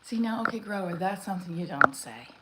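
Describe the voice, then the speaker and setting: Out of breath middle-aged woman doing a workout live, lowish voice, echoey room. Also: lively intonation, fast, very noisy. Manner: chatty, reads and thanks chat comments mid-workout. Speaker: livestream host. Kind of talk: casual live-stream chat while exercising. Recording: roomy echo with faint ambience.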